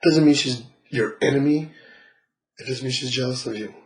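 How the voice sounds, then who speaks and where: A male spiritual reader gives a client a laid-back reading at a moderate pace in a mid-range voice. His style is blunt and full of swearing and laughter, and he acts out what people say. The audio quality is poor.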